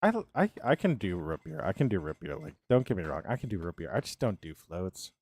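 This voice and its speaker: A man's voice: low-pitched, sing-song, fairly quick, darkish tone, slightly rough. A man chatting casually on a live game stream, rambling and answering his viewers' chat as he plays.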